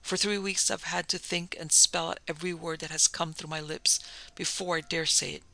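A man's voice: a little high, fairly even intonation, normal speed, vocal fry, sharp tone, dry recording, heavily acted, low-quality recording. A man reading the part of a sleepless man near breaking point, pleading desperately.

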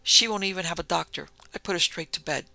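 A man's voice: high voice, fast talker, creaky, pushed and bright, no room sound, heavily acted. A man reading a curt, domineering husband. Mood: brusque. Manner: curt, commanding, dismissive. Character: brusque domineering wealthy husband, middle-aged man.

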